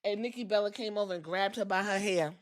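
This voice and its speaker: A fast-talking woman with a mid-range voice hosts a podcast, recapping a wrestling show in a casual, profane and sassy way, tossing in blunt asides.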